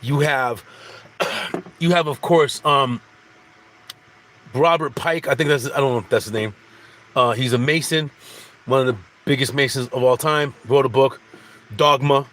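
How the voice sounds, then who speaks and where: A man's voice: mid-range voice, steady tone, measured pace, long pauses, fairly bright tone, slight background noise. A man giving a casual, rambling spiritual monologue, repeating phrases and restarting sentences. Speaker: spiritual speaker.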